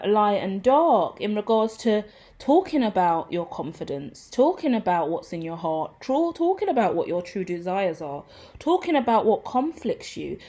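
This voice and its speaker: A woman giving a casual, rambling tarot reading to her viewers, excitable, swearing freely and laughing at herself. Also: high voice. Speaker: tarot reader.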